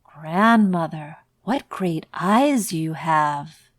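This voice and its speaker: A woman's voice: sits low, lively intonation, very slow, no room sound, clean studio sound, full character voice. A woman voicing a trusting, innocent little girl in a storybook read-aloud, in an earnest way. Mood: wondering.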